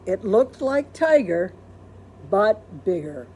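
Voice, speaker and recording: A woman librarian reading a children's storybook aloud in a gentle, expressive storytelling manner. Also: mid-range voice, takes it slowly, a little hiss or hum.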